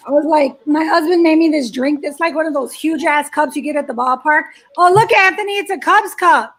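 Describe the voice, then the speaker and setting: Chatty high-voiced woman. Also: fairly quick. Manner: chatty, swearing, laughing storyteller. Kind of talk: casual chat.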